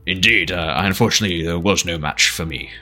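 A man voicing a calm, polite male adventurer who speaks softly and hesitantly. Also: low-pitched, quick pace, faint music behind, full character voice. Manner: soft-spoken, hesitant.

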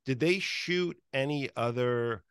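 Rambling, eager interview host, dry sound. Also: male voice, mid-range voice, takes it slowly, clear, resonant tone, no echo. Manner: enthusiastic, rambling with fillers. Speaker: podcast host. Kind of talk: casual interview chat.

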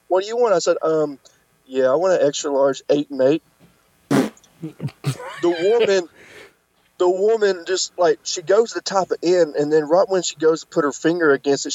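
A man tells a rambling road story in a casual, animated way, jumping his voice up to act out the people he quotes. His voice sits a bit high for a man. The recording is dry and slightly dull, like lo-fi podcast audio. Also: no echo. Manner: animated, acts out quotes with pitch jumps. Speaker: podcast guest, wrestler.

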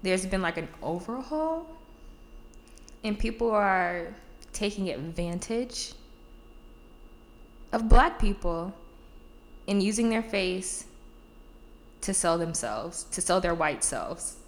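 A woman co-hosting a podcast in casual chat, talking in an animated way, laughing often and swearing freely. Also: mid-range voice, slow pace, long pauses. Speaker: podcast co-host. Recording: echoey room with faint background noise.

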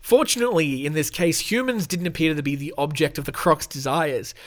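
A man's voice: a little high, a little fast, fairly bright tone. An Australian man hosting a podcast, reading news stories aloud with sarcastic, rambling asides and casual swearing. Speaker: podcast host.

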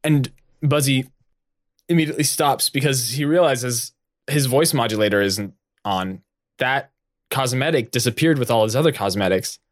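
Male game master, mid-pitched, narrating scenes, dry close sound. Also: moderate pace, no room sound. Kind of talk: narrating a tabletop role-play.

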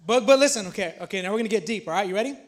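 High-voiced man preaching in his thirties. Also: lively intonation, racing. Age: 30s. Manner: casual, repeats himself, builds to emphatic points. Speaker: pastor. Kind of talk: conversational sermon. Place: small church.

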